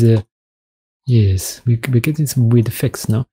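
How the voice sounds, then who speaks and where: A man's voice: mid-range voice, unhurried, warm tone, breathy edge. A British man hosting a game video, rambling and self-deprecating as he talks through building a map. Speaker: gaming video host. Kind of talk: rambling let's-play commentary.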